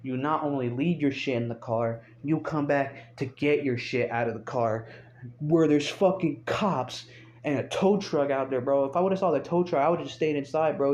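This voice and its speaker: A man's voice: fairly high pitch, brisk, a little mellow, slight background noise. A young man telling a rambling, profane story in casual speech, recorded on a phone. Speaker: storyteller vlogger. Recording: dull lo-fi phone audio.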